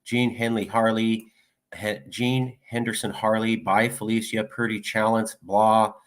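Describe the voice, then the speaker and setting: Rattling through viewer comments one after another, a man delivers laid-back political commentary in a fairly low, level voice.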